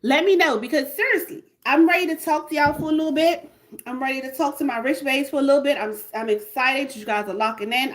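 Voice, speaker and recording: Brief: hyped woman host, repetitive livestream sales pitch, voice a touch high. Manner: repetitive, hyped, call-and-response. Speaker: livestream host selling a membership.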